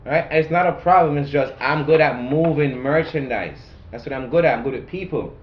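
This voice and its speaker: A man's voice: a little high, a little fast, a little hiss or hum. Profane, emphatic man in a roomy space. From Jamaica. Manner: profane, emphatic storytelling with many repeats. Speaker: guest entrepreneur. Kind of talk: casual chat. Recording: roomy, muffled recording.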